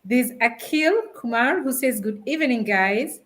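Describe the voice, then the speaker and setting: A woman's voice: a little high, lively intonation, unhurried, fairly bright tone, rough recording. A woman from Africa hosting a live-streamed talk show, chatty, laughing often as she reads out greetings from viewers. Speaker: host.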